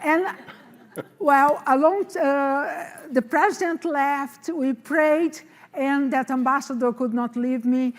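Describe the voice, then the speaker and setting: A woman in her sixties tells a personal testimony in a high voice. She speaks slowly and unhurriedly, and she acts out the voices of the people in her story with animated emphasis. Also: in a large hall. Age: 60s. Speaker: guest telling a testimony.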